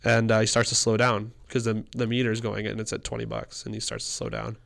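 A man's voice: on the low side, monotone, brisk, gravelly, a bit bright. A man, co-hosting a casual chat and telling a long story in a rambling way, laughing often and swearing. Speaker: podcast co-host.

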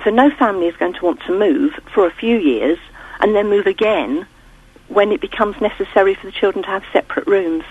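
A woman's voice: mid-range voice, a little fast, breathy edge. A woman calling into a radio phone-in, explaining her point earnestly. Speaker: caller. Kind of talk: phone-in call. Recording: tinny phone line.

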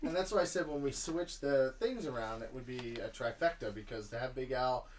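A man's voice: medium pitch, brisk. Playful man on a noisy podcast. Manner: playful, jokey, animated storytelling. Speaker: podcast co-host. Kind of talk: casual chat.

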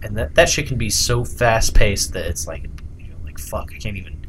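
A man's voice: on the low side, lively intonation, normal speed, fairly bright tone, a little hiss or hum. A man chatting casually about video games, rambling with lots of "like" and swearing. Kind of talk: casual gaming chat.

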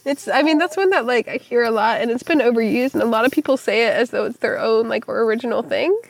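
A woman's voice: fairly high pitch, fast, creaky. A young woman co-hosting a podcast in a laid-back, casual chat. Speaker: podcast co-host.

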